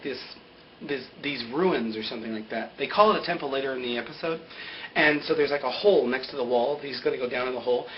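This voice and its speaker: A young man talks through a story in a loose, animated way, leaning on fillers as he goes. His voice sits a bit high. The home recording sounds dull and lo-fi, with a faint hiss. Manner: rambling and animated, with lots of "like". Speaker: vlogger recapping a TV episode. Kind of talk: casual spoken recap.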